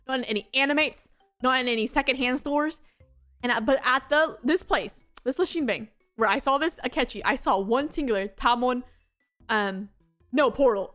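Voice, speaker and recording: A young woman chatting on a casual stream, excitable and rambling, with many "like"s. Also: high voice. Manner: excitable, rambling, heavy use of "like". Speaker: VTuber streamer.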